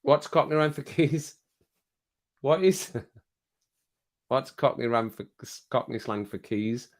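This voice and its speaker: A slow-paced man with a medium pitch reads through his stream's chat. He's middle-aged and hosting casually, teasing the viewers, breaking into laughter frequently, and repeating phrases as he goes.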